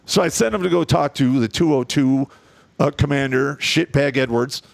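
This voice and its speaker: A man's voice: mid-range voice, normal speed, creaky, dry recording. A middle-aged man telling profane, blunt stories from his army years in a casual chat. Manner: profane, blunt, animated storyteller. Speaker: guest telling war stories.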